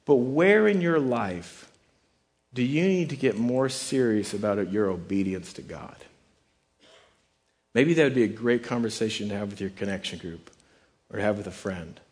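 A man's voice: on the low side, animated, moderate pace, darkish tone. A man preaching a sermon in a conversational way, often restarting words and acting out quoted thoughts. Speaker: pastor.

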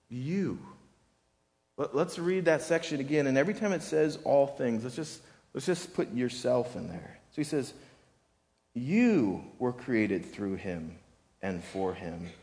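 A man preaching a sermon as a pastor, speaking in a conversational, emphatic way that often repeats words and restarts phrases. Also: mid-range voice. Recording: long reverb of a hall.

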